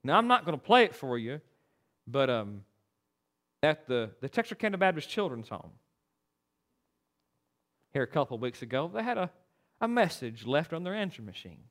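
A man's voice: on the high side, very animated, moderate pace, long pauses, fairly bright tone. A man preaching a sermon as pastor, emphatic and preachy, with stammered restarts.

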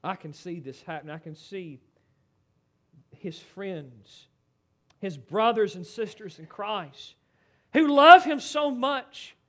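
A man preaching a sermon, swinging from loud dramatic pleading to hushed, low lines. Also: animated, slow pace, pauses often.

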